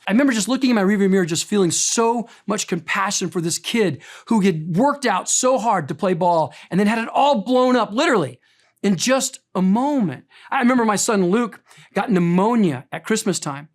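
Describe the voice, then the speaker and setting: A middle-aged pastor preaching to his congregation in a church. He tells personal stories with emphatic, heartfelt delivery, pressing hard on key words. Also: sits high. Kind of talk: sermon.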